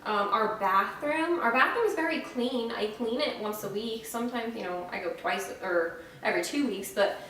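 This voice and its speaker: A woman's voice: on the high side, normal speed, hardly any pauses, fairly bright tone, far from the mic. A young woman from Florida talking casually about her pregnancy at home, frank and chatty with many ums, her mouth dry and a little short of breath. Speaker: vlogger. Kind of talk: casual pregnancy update vlog. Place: at home, indoors. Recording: very echoey room, faint noise, off-mic.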